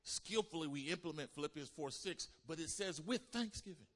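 Male pastor, sermon delivery, call-and-response, drops from emphatic to near-hushed; long hall reverb. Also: a little high, animated, fairly quick.

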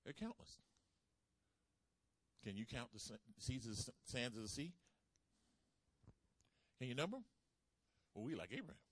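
A man preaching a sermon, calling out to the congregation and swinging between loud emphasis and soft asides. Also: mid-range voice, very animated, moderate pace, pauses often, husky. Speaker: pastor.

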